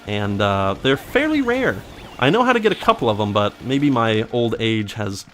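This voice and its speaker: A man's voice: fairly low pitch, sing-song, normal speed, fairly bright tone, slight background noise. A man giving casual, joking gameplay commentary who rambles into silly made-up backstories. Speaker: let's play commentator.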